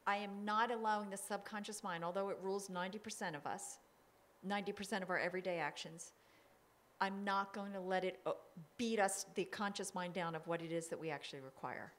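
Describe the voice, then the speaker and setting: A woman's voice: medium pitch, brisk. A woman hypnotherapist being interviewed, talking emphatically and firmly about her work. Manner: emphatic, forceful, acts out her own demands. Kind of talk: casual interview talk.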